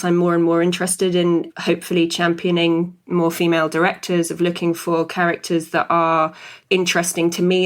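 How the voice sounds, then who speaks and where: A woman in her thirties, an actress, answering interview questions thoughtfully with frequent hesitations. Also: on the low side. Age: 30s.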